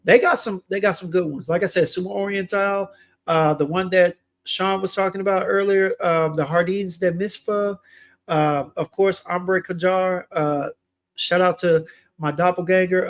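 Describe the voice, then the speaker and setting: A man's voice: high voice, steady tone, moderate pace. A young man hosting a fragrance livestream, chatting casually and reading viewer comments aloud in a laid-back way.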